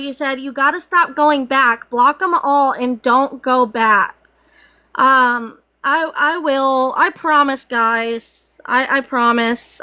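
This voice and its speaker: A woman's voice: sits high, a bit bright. A young woman streaming live on her phone, talking in an upset, repetitive way with many fillers and restarts. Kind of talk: emotional live-stream rant.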